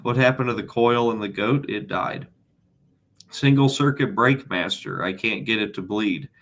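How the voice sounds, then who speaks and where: A man hosting a casual livestream Q&A who reads viewer questions aloud and answers them with dry, deadpan humor. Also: on the low side, normal speed.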